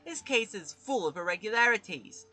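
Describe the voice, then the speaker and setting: A man's voice: high voice, big pitch swings, normal speed, pushed and bright, faint music behind, pitched above the performer's own voice, exaggerated voice, low-quality recording. A man voicing a pompous male lawyer in a put-on British accent. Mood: haughty.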